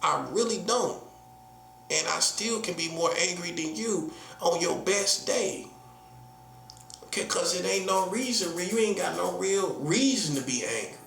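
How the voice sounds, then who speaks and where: Gravelly Southern man, forceful and emphatic. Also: sits high, animated, measured pace, roomy sound, a little hiss or hum. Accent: Southern US, North Carolina. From North Carolina, US. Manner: emphatic, slangy, full of rhetorical questions. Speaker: prophet. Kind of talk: casual preaching monologue.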